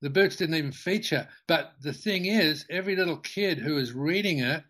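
An older man, a company founder, tells a long anecdote in an interview, halting with many restarts and fillers. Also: on the high side, a bit bright.

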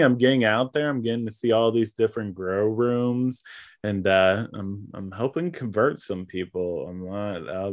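A man co-hosting a podcast, chatting casually in an upbeat, joking way. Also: deep voice. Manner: upbeat, joking, laughs often. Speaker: podcast co-host. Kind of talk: casual chat.

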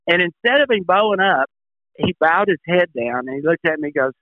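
An older man and former tour pro, a show regular, telling a folksy, animated story in casual chat. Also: sits high, fairly quick, no echo. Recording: tinny phone line.

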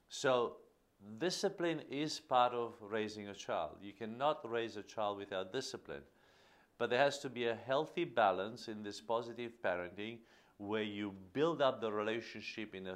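A man hosting a podcast, giving an earnest teaching monologue on parenting and stressing key phrases by repeating them. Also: lowish voice. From Australia. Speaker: podcast host.

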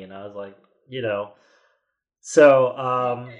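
A man's voice: mid-range voice, animated, a little slow. A man in his forties tells a story on a podcast, circling back with restarts and quoting what people said. His voice sits in a middle register and stays casual and chatty. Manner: rambling, many restarts and quoted asides. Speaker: podcast guest.

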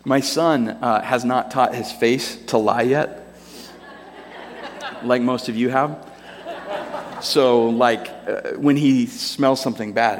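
A man's voice: mid-range voice, a little slow. Man preaching in an echoey hall. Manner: animated storytelling, acts out characters in voices. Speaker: pastor. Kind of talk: sermon. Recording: long reverb of a large hall.

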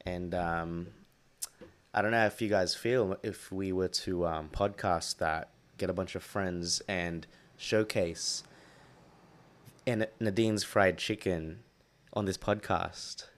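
Deep-voiced guy co-hosting a chill podcast, rambles and restarts a lot, joking around. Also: steady tone, takes it slowly. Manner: rambling, playful, restarts words. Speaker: podcast co-host. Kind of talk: casual chat.

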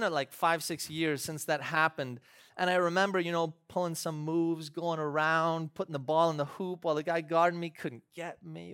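A man's voice: fairly high pitch, creaky, a bit bright, clear, resonant tone. A man, a pastor, preaching a sermon in a church, moving from conversational storytelling to fervent, emphatic preaching.

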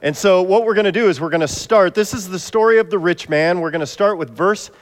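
A playful male pastor with a fairly high voice, bantering and coaxing helpers up front. His words ring out in a church with a long, lingering reverb. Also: fairly quick. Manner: playful, jokey, coaxing volunteers. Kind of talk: interactive sermon. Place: church sanctuary.

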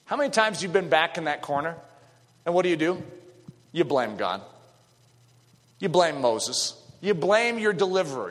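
A middle-aged male preacher with a high, bright voice that leaps and dives across a wide range. He moves from hushed near-whispers to full shouts. The sound carries a long hall reverb. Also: very animated, moderate pace, long pauses. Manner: dramatic, swings between hushed and shouting. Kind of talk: sermon.

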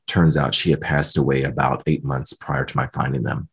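A man being interviewed, telling a personal story in a lively way and quoting the people he spoke with. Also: rumbling low, normal speed, slightly rough. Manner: animated retelling, voicing others in quotes. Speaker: guest.

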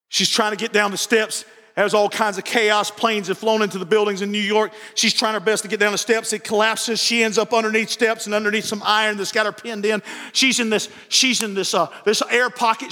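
A man preaching a sermon as pastor, telling stories and moving between quiet asides and raised fervor. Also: high-pitched. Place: church sanctuary. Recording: church sanctuary with long reverb.

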